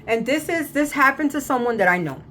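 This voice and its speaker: A woman's voice: sits high, lively intonation, brisk, sharp tone, a little hiss or hum. Repetitive woman giving a casual tarot reading. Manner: repetitive, emphatic, spiritual and reassuring. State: slightly irritated throat, coughing at times. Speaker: tarot reader.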